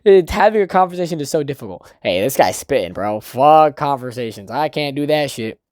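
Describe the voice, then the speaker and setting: Profane, animated man recapping a manga chapter. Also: mid-range voice, brisk, dry recording, clean studio sound. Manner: loose, profane, laughing, puts on character voices. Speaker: manga reviewer.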